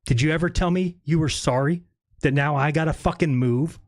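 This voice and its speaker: A man's voice: fairly high pitch, brisk, no room sound, clean studio sound. A man in a played clip, complaining in an aggrieved rant.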